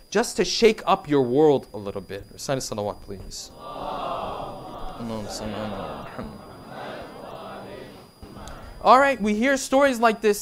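Emphatic male preacher. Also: high voice. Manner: emphatic, repetitive, rising and falling delivery. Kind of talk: sermon.

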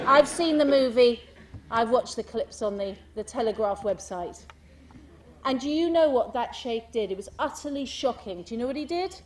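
A woman giving a speech to an audience, animated and full of rhetorical questions, mimicking the people in her stories. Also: on the high side, normal speed, distant mic, a little hiss or hum. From United Kingdom. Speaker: speaker giving a talk.

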